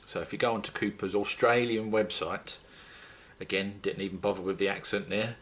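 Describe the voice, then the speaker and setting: A man's voice: on the low side, fairly even intonation, fairly quick, fairly bright tone. A man hosting a home brewing video, talking viewers through the steps in a jokey, chatty way. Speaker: homebrew video host. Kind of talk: casual how-to narration. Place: home conservatory.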